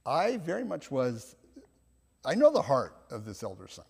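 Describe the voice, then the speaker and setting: A male pastor preaching a sermon in a church, reflective and gentle, with soft laughs and restarts. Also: medium pitch, huge pitch swings, normal speed, gravelly, slightly rough, big-room sound.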